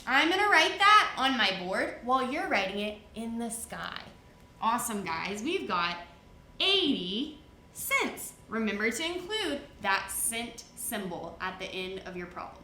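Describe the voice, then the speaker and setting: A woman's voice: on the high side, very animated, a little slow, bright, forceful tone, reverberant. A woman teaching a first grade lesson in a sing-song, encouraging way, talking to children. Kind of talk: televised classroom lesson. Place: studio set.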